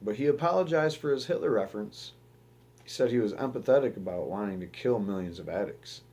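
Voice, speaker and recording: Low-voiced profane American commentator. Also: male voice, brisk, a little mellow. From United States. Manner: profane, rambling, with restarts and fillers. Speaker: show host. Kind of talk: casual news commentary.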